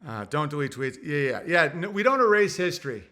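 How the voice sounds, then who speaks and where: Bright-voiced man rambling on a livestream. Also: fairly high pitch, sing-song, a little fast. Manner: rambling, crude, thinking out loud. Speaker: livestream host reading super chats. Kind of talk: casual livestream rant.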